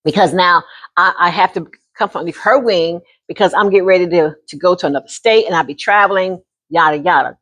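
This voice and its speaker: A woman in her sixties telling a personal story to camera in an animated, folksy way, often calling the listener honey. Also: on the low side, quick pace. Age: 60s. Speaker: vlogger.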